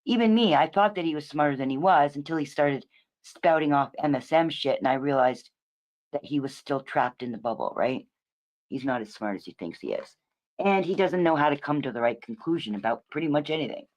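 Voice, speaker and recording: A livestream host speaks a little fast in a low, slightly mellow voice with lively intonation. Her casual ranting commentary is profane and rambling, with frequent self-corrections and shifts between emphatic lines and muttered asides.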